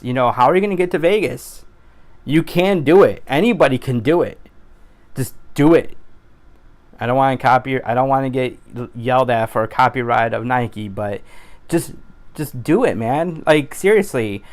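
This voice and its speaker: A man talking in a casual vlog monologue, earnest and rambling, with frequent restarts and animated exclamations. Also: mid-range voice. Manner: animated exclamations of his catchphrase. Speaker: YouTuber.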